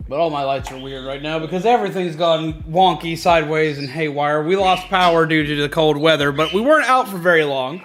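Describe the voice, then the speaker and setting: A man hosting a casual livestream, chatty and excitable, greeting viewers and repeating himself. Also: on the high side, a little fast, hardly any pauses. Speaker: livestream host. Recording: faint background music.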